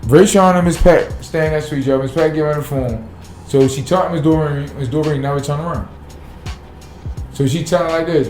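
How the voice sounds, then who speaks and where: A man talks fast and bluntly, swearing freely, his pitch sitting a little high and his tone dark and mellow. The room echoes around him, with faint music underneath. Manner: blunt, profane, fired-up. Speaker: city sanitation worker, guest. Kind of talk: casual podcast interview.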